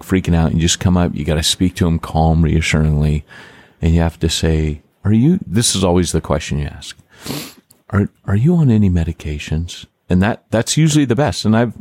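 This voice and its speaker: A man hosting a casual podcast, talking in an animated way, full of "like" and quick restarts. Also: low voice, no echo. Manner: animated, filler-heavy, lots of "like" and restarts. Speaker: podcast host and church planter.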